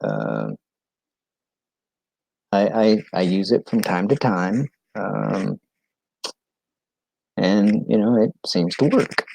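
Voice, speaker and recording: A man from New England chatting casually on a live stream, halting and full of ums and restarts. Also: on the low side, very animated, creaky, mellow, breathy edge.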